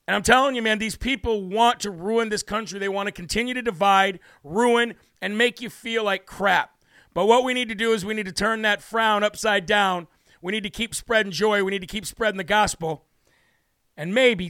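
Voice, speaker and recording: Brash, bright-voiced male talk host. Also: sits high, normal speed, clean tone, dry recording. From United States. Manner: brash, sarcastic, indignant. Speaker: political talk show host. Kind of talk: ranting livestream commentary.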